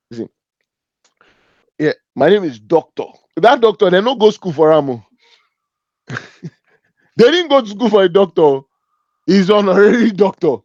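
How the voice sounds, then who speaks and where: A man with a Nigerian accent giving a humorous, animated business talk, joking and teasing as he tells stories. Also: sits high, no echo, muffled recording. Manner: animated and joking, laughs at his own stories. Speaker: business speaker.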